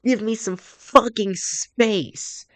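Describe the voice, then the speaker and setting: A woman's voice: mid-range voice, extremely slow, no echo, pitched above the performer's own voice. A man reading out the lines of a brash, upset teenage girl from a game, in a voice close to his own. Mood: angry.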